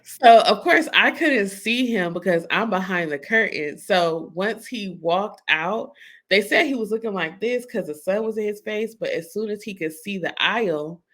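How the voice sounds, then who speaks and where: Animated woman telling a family story. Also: medium pitch, normal speed. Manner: animated storyteller, acts out her son's voice. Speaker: podcast co-host. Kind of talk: casual chat.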